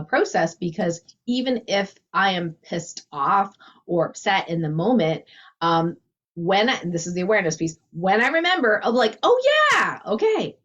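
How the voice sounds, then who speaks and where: A woman's voice: lowish voice, lo-fi sound. A woman talking casually and animatedly, often laughing and acting out her inner thoughts. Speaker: guest teacher. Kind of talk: casual conversation.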